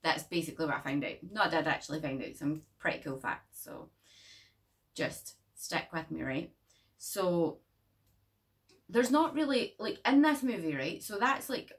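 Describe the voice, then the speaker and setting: A woman's voice: low voice, fairly bright tone, recorded from a distance. A young woman who reviews horror films in a casual vlog, chatty and rambling, swearing freely and joking along the way.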